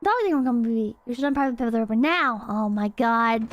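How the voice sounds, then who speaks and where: A woman streaming a horror game, chatting excitably and rambling, swearing freely as she plays. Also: on the high side, brisk, few pauses. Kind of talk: casual game stream chat.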